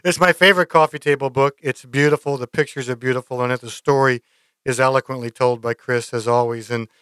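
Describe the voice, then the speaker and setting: A man's voice: mid-range voice, steady tone, brisk, smooth, no room sound. A man hosting a podcast interview, talking in an easy, enthusiastic way. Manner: warm, enthusiastic praise, friendly chat. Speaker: podcast host. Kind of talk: casual interview.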